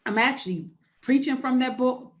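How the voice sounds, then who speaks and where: A woman pastor with a somewhat high voice leads an online church workshop over a video call. She keeps it conversational and encouraging, and she circles back to repeat her key phrases. It sounds like live teaching, not a script. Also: moderate pace. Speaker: pastor leading a church webinar. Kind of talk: interactive online workshop talk.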